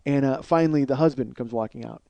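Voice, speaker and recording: A man's voice: medium pitch, fast talker, gravelly, dark tone, no room sound, muffled recording. A man in his forties hosting a comedy podcast, telling a long story in a rambling, profane way that builds into indignant rants. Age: 40s. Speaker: podcast host.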